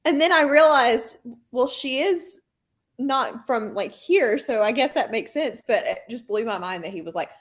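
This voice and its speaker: A woman with a mild Southern US accent, chatting casually and telling animated stories. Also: fairly high pitch, normal speed. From American South. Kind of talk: casual chat.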